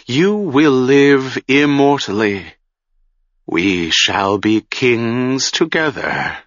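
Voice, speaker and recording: A man's voice: medium pitch, very animated, very slow, a bit bright, no echo, muffled recording, voice pushed up, exaggerated voice. A man voicing a coaxing blind undead sorcerer.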